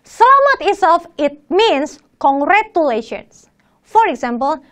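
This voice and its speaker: Lively woman teaching. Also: sits high, unhurried. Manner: animated, repeats questions to the viewer. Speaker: language teacher. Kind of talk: online lecture.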